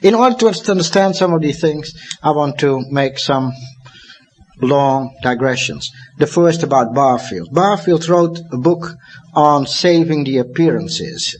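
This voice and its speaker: A Dutch man in his fifties giving a lecture, talking emphatically and swinging from excited high bursts to low, quiet asides. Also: a little hiss or hum. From Netherlands. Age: 50s.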